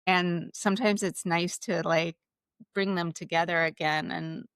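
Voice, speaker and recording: A woman podcast host in a conversational interview, thoughtful and measured, speaking with pauses. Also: on the low side, steady tone, a bit bright, clear, resonant tone, no echo, studio quality.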